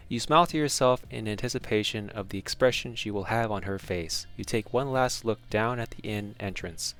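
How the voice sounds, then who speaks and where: A man narrating a second-person fantasy text adventure in a measured storytelling manner. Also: on the low side, a bit bright.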